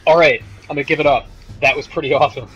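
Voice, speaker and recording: A man's voice: fairly high pitch, steady tone, rapid-fire, fairly bright tone, slightly rough, lo-fi sound, soft background music. Joking man streaming a video game. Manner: joking, sarcastic, talks to chat viewers. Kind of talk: casual game stream commentary.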